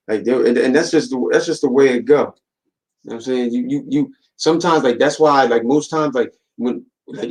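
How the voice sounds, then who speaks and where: A man talking loosely in a relaxed chat, piling on fillers and street slang. His pitch sits in an ordinary middle range. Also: rough recording. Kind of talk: casual chat.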